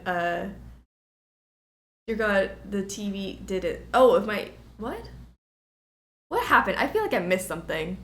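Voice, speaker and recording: A woman's voice: mid-range voice, very animated, unhurried, fairly bright tone. A young woman streaming a game, chatting playfully and repeating herself as she plays. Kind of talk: casual gameplay commentary. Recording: roomy sound with game music behind. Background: game music.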